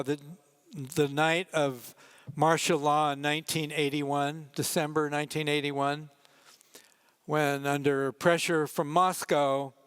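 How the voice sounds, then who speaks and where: A man's voice: a little high, clean tone, no room sound. Older man, wry slideshow storyteller. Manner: relaxed, wry storytelling with asides to the audience. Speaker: photojournalist giving a conference talk. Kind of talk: anecdotal slideshow talk.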